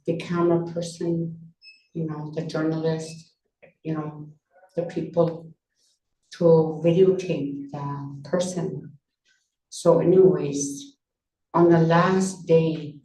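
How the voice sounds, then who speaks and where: A woman on a book launch panel telling a personal story, soft-spoken and unhurried, with many pauses. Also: sits low. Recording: roomy sound from a distance, faint noise.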